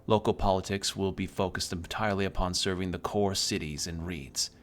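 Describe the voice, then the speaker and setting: A man with a low voice streams a game and reads its narration aloud in an even way. Now and then he breaks into a sudden loud outburst. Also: fairly quick, slight background noise. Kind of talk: reading game text aloud while playing.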